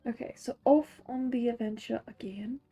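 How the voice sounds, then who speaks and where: Soft background music plays as a young streamer chats through a farming game in an affected Scottish accent, giggling and sometimes muttering. She speaks at a moderate pace in a slightly high, warm, somewhat rough voice.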